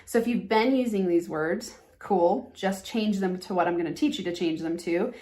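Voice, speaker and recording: A woman's voice: on the low side, normal speed, darkish tone. A woman hosting a motivational business podcast, talking earnestly and with emphasis, and acting out the phrases she wants listeners to drop. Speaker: podcast host and business coach.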